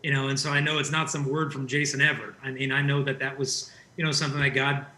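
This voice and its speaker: Bright-voiced man telling animated stories. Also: medium pitch, fast talker. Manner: animated storyteller. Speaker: guest. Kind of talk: conversational interview. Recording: roomy echo.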